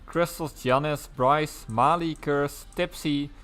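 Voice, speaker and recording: A man's voice: fairly high pitch, fairly even intonation, slow pace, loud music behind the voice. A man giving casual, chatty live commentary on an online sim-racing league race. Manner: casual, chatty, breaks into laughs.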